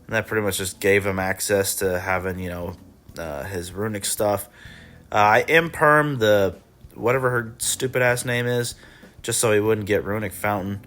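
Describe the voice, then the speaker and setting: A man casually recapping his card game tournament rounds, laid-back and swearing, coughing and clearing his throat now and then. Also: fairly low pitch, moderate pace, fairly bright tone. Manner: laid-back, profane, chuckling, mock voices of opponents.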